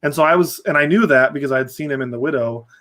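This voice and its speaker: Young male podcast host, slightly high voice, loose rambling delivery. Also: racing, fairly bright tone. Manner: rambling with frequent restarts. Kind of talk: casual podcast chat.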